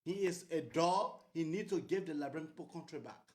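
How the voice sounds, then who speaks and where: A man's voice: fairly high pitch, a little fast, a little mellow. A man hosting a political talk show, blunt and provocative. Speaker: host.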